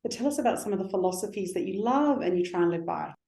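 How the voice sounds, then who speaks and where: Woman interviewer, mid-pitched, affirming, echoey room. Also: expressive, fast talker, gravelly, warm tone. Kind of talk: interview questions.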